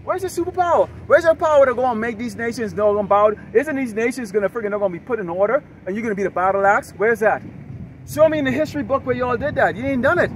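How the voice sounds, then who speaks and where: A man's voice: extremely high pitch, lively intonation, fast talker, poor audio. A man street preaching outdoors, combative and profane, firing rhetorical questions. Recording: heavy street traffic noise. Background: loud traffic noise.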